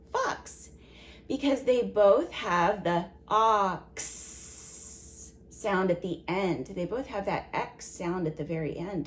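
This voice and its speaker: Slow, careful woman teaching kids phonics. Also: mid-range voice. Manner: slow, deliberate, sounds out words for young children; asks gentle questions to a child listener. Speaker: preschool teacher. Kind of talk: children's phonics lesson.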